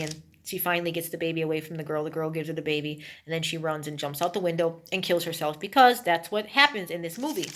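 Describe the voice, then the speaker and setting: A woman's voice: deep voice, steady tone, fast talker, few pauses, slight background noise. A woman casually retelling a movie's plot, rambling with emphatic asides to her listeners. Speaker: movie reviewer.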